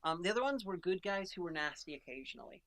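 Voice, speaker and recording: In casual podcast chat, a female co-host enthusiastically picks apart characters she loves, rambling and frequently restarting. She talks quickly with lively intonation, in a lowish, fairly bright voice.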